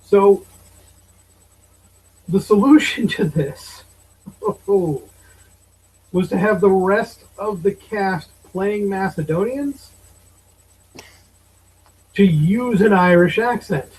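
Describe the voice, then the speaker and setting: A man's voice: high-pitched, very slow, pauses often, a little mellow, slightly rough, poor audio. A man in his thirties co-hosting a podcast, giving opinionated, exasperated movie commentary. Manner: opinionated, exasperated, swears casually. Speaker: podcast co-host. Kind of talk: casual movie review chat.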